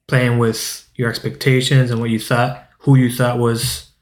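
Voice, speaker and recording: A man co-hosting a podcast, calmly explaining what he liked about a film. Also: medium pitch, a little slow, echoey room. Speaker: podcast co-host. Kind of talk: casual movie discussion.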